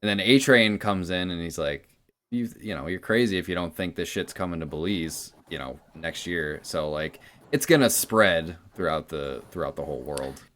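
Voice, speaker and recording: A man's voice: deep voice, moderate pace, a bit bright. A man chatting casually on a podcast, recapping in a rambling way with lots of fillers. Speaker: podcast co-host.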